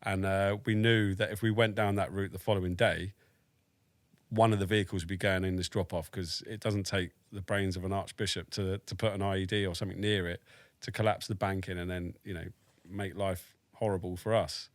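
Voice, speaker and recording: A man's voice: sits low, flat delivery, a little fast, no echo. A British man around forty, an army veteran telling a story as a podcast guest in a frank, matter-of-fact way, with dry humour and swearing. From United Kingdom. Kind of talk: casual storytelling in a podcast interview.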